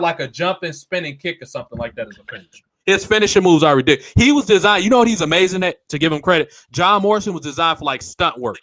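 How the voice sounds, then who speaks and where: A man's voice: sits high, a bit bright, no room sound. A man hosting a casual wrestling talk show, speaking bluntly and swearing freely. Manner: blunt and profane. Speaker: podcast host.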